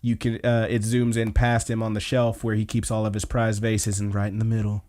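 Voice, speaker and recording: A man's voice: on the low side, completely flat delivery, brisk, a little mellow. A man hosting a podcast, casually recapping anime episodes in a rambling way with lots of fillers. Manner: rambling, filler-heavy retelling. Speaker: podcast host.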